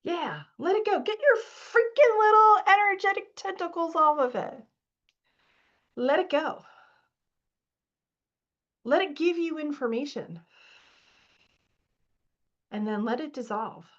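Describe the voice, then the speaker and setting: A woman's voice: sits high, expressive, takes it slowly, pauses often, fairly bright tone, highs cut off. Emphatic woman coaching a live group. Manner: reads out participant comments, coaching emphatically. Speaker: spiritual coach. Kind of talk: live online masterclass.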